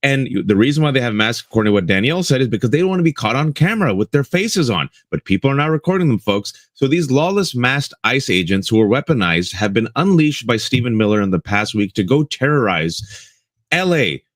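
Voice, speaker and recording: A man's voice: medium pitch, sing-song, a little fast, no room sound, clean studio sound. A man co-hosting a live political talk show, giving impassioned commentary and addressing listeners as folks, repeating lines for emphasis. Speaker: co-host.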